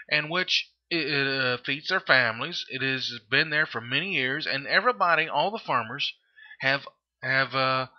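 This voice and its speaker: A man's voice: a little high, dull audio. A man giving an impassioned monologue, indignant and fond of rhetorical questions, stumbling with frequent hesitations. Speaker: political video commentator.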